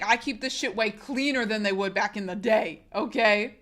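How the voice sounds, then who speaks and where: Sick woman streamer, bright voice, chatting frank and casual with her chat. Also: medium pitch, moderate pace, few pauses. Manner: frank, talks straight to chat. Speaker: live streamer. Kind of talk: casual chat with a live audience.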